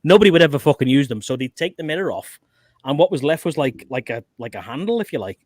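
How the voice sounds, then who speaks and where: A man's voice: fairly high pitch, expressive, fast talker, no echo. A man hosting a livestream, swearing and laughing as he tells army stories and acts out the quotes. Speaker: host. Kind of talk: casual livestream chat.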